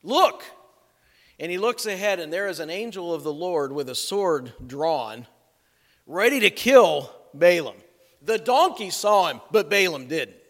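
A long reverb from the church hall follows each phrase as a male pastor preaches, recounting a scripture story folksily with jokes and asides. He speaks unhurriedly, his voice high for a man, a bit bright, and lively in intonation.

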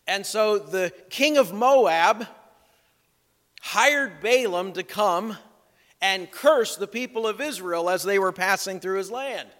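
A male pastor preaches a sermon, telling a scripture story folksily with small jokes and asides. His voice is high for a man, expressive and fairly bright, delivered at a slow pace, and a long church-hall reverb trails each phrase.

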